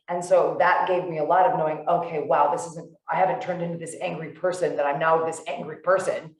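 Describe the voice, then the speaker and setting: A low-pitched woman talks through a casual podcast chat, animated and loose, full of "like"s and restarts. She sits well back from the mic, and the room rings around her. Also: brisk, hardly any pauses, reverberant, far from the mic, rough recording. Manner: animated storyteller, many "like"s and restarts. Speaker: podcast co-host. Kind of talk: casual conversation.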